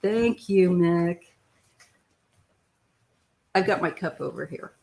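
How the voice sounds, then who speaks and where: A woman's voice: fairly low pitch, lively intonation, slow pace, creaky, mellow. A middle-aged woman hosting a casual live-stream tarot chat from home, greeting viewers by name in an easygoing way. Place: home, near the front door.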